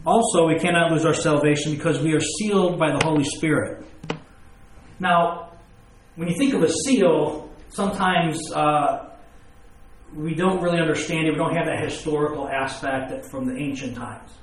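A preacher with a slightly higher-than-average voice reads scripture aloud at a normal speed, then unpacks it with plain everyday examples and questions for his listeners. The room lends his voice a noticeable echo.

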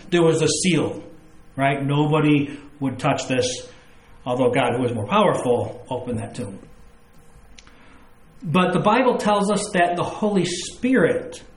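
A man delivering a sermon with a slightly higher-than-average voice. He reads scripture aloud and then unpacks it with plain everyday examples and questions to the listeners. The room gives his voice a noticeable echo. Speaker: preacher.

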